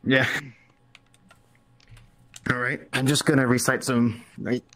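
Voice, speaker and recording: Slow, bright-voiced man reading limericks. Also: mid-range voice, little pitch movement. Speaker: open mic performer.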